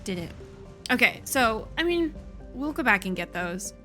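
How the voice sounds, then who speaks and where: A woman streams a video game in casual let's-play commentary. She talks in a chatty way, swears freely and sounds frustrated. Her voice sits a little high, with faint music behind. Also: big pitch swings, moderate pace, sharp tone.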